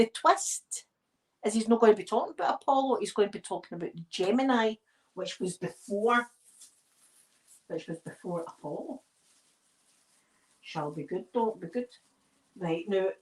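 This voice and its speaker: A Scottish woman who makes ASMR videos chats casually while decorating a tree, her voice a little high with a darkish tone. She rambles easily from one story into the next, as if talking while her hands stay busy.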